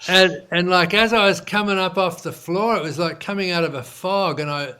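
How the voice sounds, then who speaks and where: A man's voice: high voice, normal speed, a crowd in the background. A man telling his business story casually in an interview, in loose speech with many fillers. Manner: animated storyteller who acts out quoted dialogue. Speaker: entrepreneur guest.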